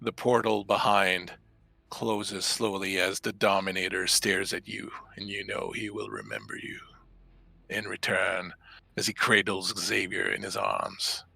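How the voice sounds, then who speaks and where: A man's voice: low voice, animated, measured pace, vocal fry, bright, forceful tone, husky, dry recording. A man narrating a tabletop game as game master, telling the story in a descriptive, dramatic way over a video call.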